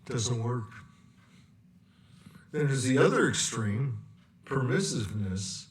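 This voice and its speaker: Unhurried male commentator, sarcastic and rambling, recorded in an echoey room. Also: medium pitch, animated, distant mic. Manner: rambling, sarcastic, with long pauses. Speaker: political commentator. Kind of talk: political rant vlog. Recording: echoey room, away from mic.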